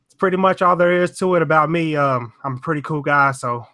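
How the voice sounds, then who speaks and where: Kentucky man, bright, dry and chill panel guest. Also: a little high, quick pace, dry recording. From Louisville, Kentucky, USA. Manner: laid-back, easygoing. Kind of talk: casual livestream chat.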